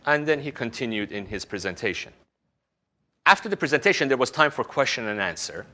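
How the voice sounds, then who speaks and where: A man giving a recorded course lecture, teaching in an animated way. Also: medium pitch, brisk. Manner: animated teaching, slips into exaggerated voices when quoting others.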